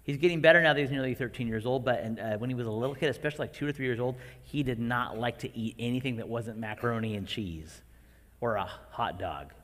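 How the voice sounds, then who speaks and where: A man in his forties preaching a sermon to parents, animated and acting out his own outbursts. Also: mid-range voice, quick pace. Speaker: pastor. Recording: long hall reverb.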